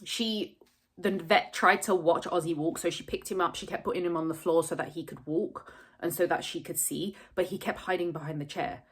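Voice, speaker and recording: A woman speaks to camera in a somewhat low, husky voice, close to tears. She tells a personal story candidly and at length, with frequent swearing. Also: steady tone, moderate pace. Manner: candid, rambling, swears freely. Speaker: vlogger.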